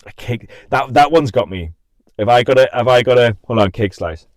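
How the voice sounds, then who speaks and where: Young male streamer, lively pitch, dry close mic, giggly and scattered, casual chat. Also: fairly quick, dry recording. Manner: giggly, scattered, self-interrupting. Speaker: podcast and stream host.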